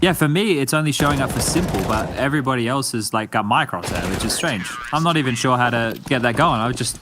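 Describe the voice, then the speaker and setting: A man breaks down an esports match in relaxed color commentary. He sounds analytical and conversational and slips in the odd joke. A steady noise sits under the stream audio. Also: medium pitch, fast. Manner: chatty, analytical, joking.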